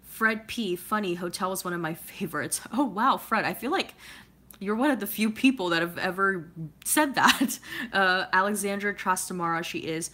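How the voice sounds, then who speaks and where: A woman's voice: mid-range voice, animated, moderate pace, pushed and bright. A woman from California chatting casually as she answers viewer comments, rambling with lots of filler words and laughing often. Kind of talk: casual chat.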